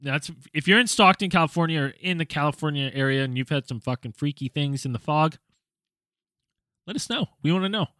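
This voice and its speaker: A young man hosts a podcast and reads a listener's story with dramatic storytelling flair, then chats casually and swears freely. His voice sits a little high and sounds sharp and forceful. The recording is close and dry. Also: animated, a little fast, no room sound. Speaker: podcast host.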